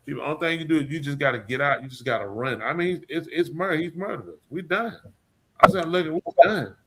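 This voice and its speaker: A man's voice: fairly low pitch, gravelly. A man hosting a podcast in casual chat, rambling and lamenting, repeating himself in drawling, slangy speech. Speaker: podcast host.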